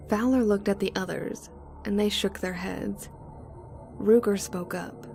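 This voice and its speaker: A woman narrating a horror story in the first person, slow and deliberate. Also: mid-range voice, fairly even intonation, creaky, a little mellow, soft background music.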